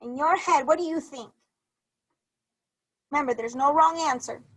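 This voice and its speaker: A woman's voice: high voice, moderate pace, a bit bright, poor audio. A woman teacher on a video call, leading a reading lesson for young children, encouraging and repeating questions to the class.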